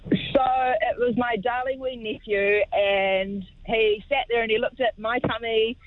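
A woman's voice: fairly high pitch, fairly even intonation, a little slow, dry recording. New woman caller on a phone line.

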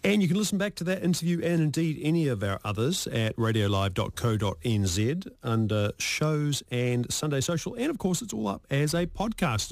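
A man's voice: mid-range voice, a little mellow, no echo, studio quality. Jokey New radio host man. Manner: jokey, rambling, stammers on repeats. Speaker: radio talk show host. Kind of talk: casual radio chat. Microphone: studio microphone.

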